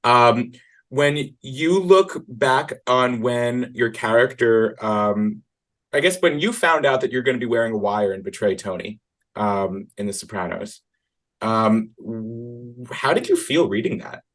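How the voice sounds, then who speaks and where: A man's voice: medium pitch, a little slow, fairly bright tone. A man hosting a podcast interview, asking his questions hesitantly with lots of fillers. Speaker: podcast host.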